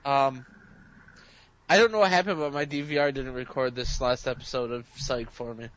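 A man's voice: medium pitch, steady tone, moderate pace, fairly bright tone. A man co-hosting a casual chat about TV shows, telling rambling, profane stories. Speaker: podcast co-host. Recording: dull lo-fi sound.

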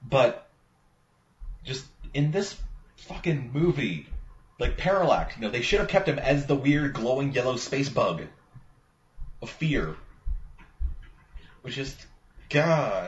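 A man's voice: medium pitch, animated, takes it slowly, pauses often. A man in casual movie chat, rambling and profane, with lots of "like" fillers. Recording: roomy, muffled recording with faint ambience.

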